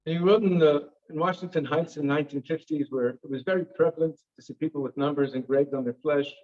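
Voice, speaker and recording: A fast-talking man with a fairly high, steady, darkish voice performs a dramatic storytelling talk as a guest in a synagogue hall. He's vivid and theatrical, sprinkling in wry remarks. The audio is dull and low-fidelity.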